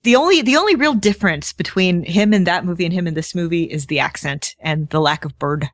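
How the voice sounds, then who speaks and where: A woman's voice: fairly low pitch, animated, brisk, no room sound. A woman co-hosting a podcast, chatting casually about films, joking and laughing a lot. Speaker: podcast co-host.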